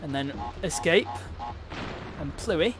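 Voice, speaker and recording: A man's voice: on the high side, expressive, slow, music in the background. Chatty man streaming a game. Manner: chatty, playful and self-mocking. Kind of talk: live game-stream commentary.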